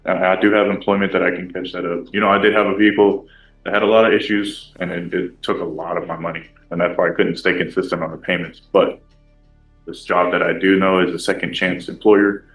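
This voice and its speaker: A man's voice: low-pitched, flat delivery, brisk, faint music behind. A man testifying as a defendant in court, hesitant, with many restarts. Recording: echoey courtroom audio.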